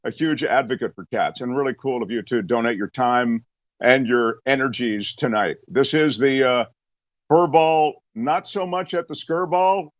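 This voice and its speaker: A man hosting a virtual fundraiser, upbeat and slightly halting. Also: mid-range voice, dry recording. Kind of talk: event hosting. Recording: dull, dry lo-fi sound.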